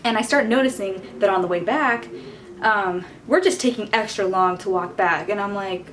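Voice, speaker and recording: A young woman tells a storytime to her camera in a loose, exasperated chat, leaning on "like" and "you know." Her pitch sits in the middle for a woman. A faint hum of noise runs under the recording. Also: fairly quick, fairly bright tone. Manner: casual, exasperated, heavy use of "like". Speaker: vlogger. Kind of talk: storytime vlog.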